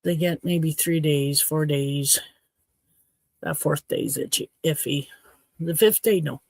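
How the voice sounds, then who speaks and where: A woman from Saskatchewan hosting a casual livestream chat at home, rambling and frank, her throat a little hoarse. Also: sits low, fairly even intonation, slow, darkish tone, no echo. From Saskatchewan, Canada. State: slightly hoarse throat after choking. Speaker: livestream host. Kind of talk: casual chat to a live audience.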